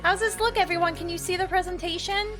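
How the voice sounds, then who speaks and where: A woman's voice: very high voice, fairly even intonation, fast talker. A woman streaming live, chatting casually and nervously with her viewers, giggling and greeting people by name. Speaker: VTuber streamer. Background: faint background music.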